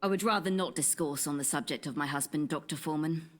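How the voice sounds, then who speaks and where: A woman's voice: deep voice, quick pace. An actress playing a witty, guarded Elizabethan woman in a video game, speaking in formal, archaic phrases with a dry, cutting edge. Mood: measured.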